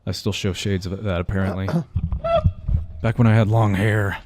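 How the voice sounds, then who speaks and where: A man's voice: on the low side, big pitch swings, slow pace, vocal fry, a little mellow, a little hiss or hum. A young man hosting a college radio metal show, chatting casually in a rambling, self-mocking way. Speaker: radio host.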